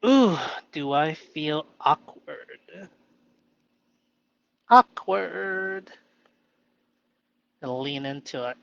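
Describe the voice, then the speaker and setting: A man talking alone about his inner state, halting and self-questioning, who sometimes argues playfully with a mock inner voice. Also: on the high side, expressive, dry recording, dull audio. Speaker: vlogger reflecting on improv. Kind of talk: solo reflective monologue.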